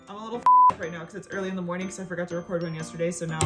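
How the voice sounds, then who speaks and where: Animated young woman telling a story. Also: fairly low pitch, fast talker, faint music behind. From North Carolina. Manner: animated, acts out voices of family members. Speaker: stand-up comedian and YouTuber. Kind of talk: casual storytelling vlog.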